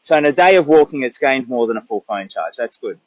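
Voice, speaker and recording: A man's voice: mid-range voice, lively intonation, a little fast, no room sound, lo-fi sound. An older man with an Australian accent, chatting in a rambling, casual way on a livestream during a long charity walk. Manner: rambling, chatty, thinks aloud.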